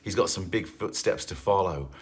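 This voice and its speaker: A man's voice: low-pitched, moderate pace, breathy edge. A man leading a livestream fitness class, chatting casually with viewers and greeting them by name, with lots of fillers. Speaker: fitness instructor.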